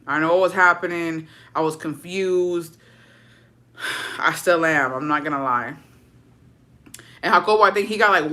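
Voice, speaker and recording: A woman's voice: lowish voice, fairly bright tone. A woman streamer in casual chat with viewers, telling a story in slang full of swearing and laughter, dropping in words.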